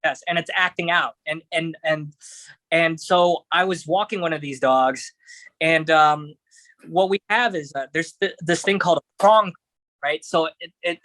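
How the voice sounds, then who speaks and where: A man's voice: a little high, fairly bright tone, no echo. A man talking as a podcast guest, telling a story casually with many fillers and restarts. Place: podcast studio.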